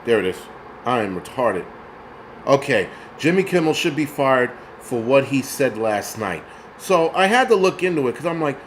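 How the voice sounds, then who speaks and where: A man's voice: mid-range voice, sing-song, moderate pace, slight background noise. A man of Puerto Rican origin hosting his own show, ranting in a heated, profane, mocking way. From Puerto Rico. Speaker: host. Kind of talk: angry ranting commentary.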